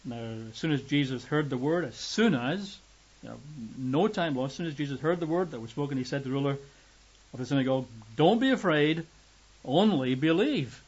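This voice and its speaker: A man's voice: fast talker, a little mellow, slightly rough, muffled recording. A man preaching a sermon, reading scripture and explaining it conversationally, acting out the quoted voices. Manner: conversational, acts out quoted voices with rising pitch.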